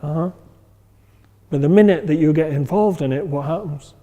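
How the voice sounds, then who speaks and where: The recording has the long reverb of a hall, where a man with a slightly high, dark voice leads a meditation class at a moderate pace. He keeps it casual and conversational, with plenty of fillers, frequent checks for understanding, and acted-out inner voices.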